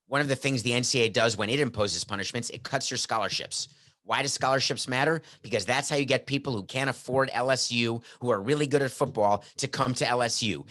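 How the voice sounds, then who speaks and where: A man's voice: medium pitch, bright, forceful tone. A middle-aged man hosting a sports talk show, joking and sarcastic, full of rhetorical questions, talking into a headset mic. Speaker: podcast host. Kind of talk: casual sports talk monologue.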